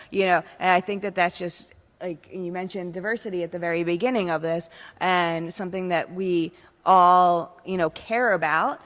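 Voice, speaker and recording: A woman's voice: lowish voice, fairly bright tone. A woman panelist speaking in a casual, rambling way with many fillers like "you know" and "like". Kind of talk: panel discussion. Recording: long hall reverb.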